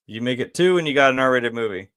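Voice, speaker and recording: A man reviewing a film in a loose, conversational ramble. His voice sits at an ordinary middle pitch, and he peppers his talk with "uh", "like" and casual swearing. He often breaks into a short laugh as he goes. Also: lively intonation, quick pace, fairly bright tone, clear, resonant tone. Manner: laid-back, rambling, laughs often, frequent fillers and swearing.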